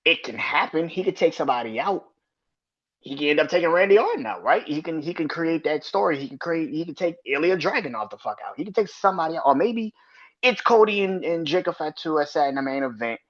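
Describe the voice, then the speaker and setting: A fairly high-pitched man talks fast and with animation, his voice a bit bright. He hosts a podcast, ranting bluntly and profanely about wrestling in casual, opinionated commentary. The lo-fi audio sounds slightly dull.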